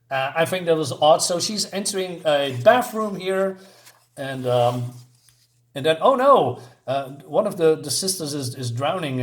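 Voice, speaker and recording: A man casually reviewing a comic book, retelling the panels in a halting way with many fillers, restarts and chuckling asides. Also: mid-range voice.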